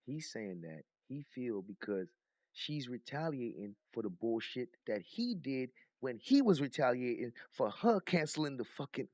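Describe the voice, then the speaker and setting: Animated incredulous male commentator. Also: mid-range voice, normal speed, no echo, studio quality. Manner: animated, incredulous, swearing, mocking impressions. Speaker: commentary vlogger. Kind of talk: casual reaction commentary.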